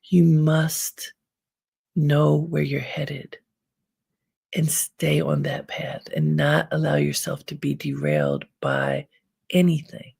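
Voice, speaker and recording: A woman hosting an inspirational self-help talk, giving calm, unhurried advice with frequent pauses. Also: deep voice, gravelly, breathy edge. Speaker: host.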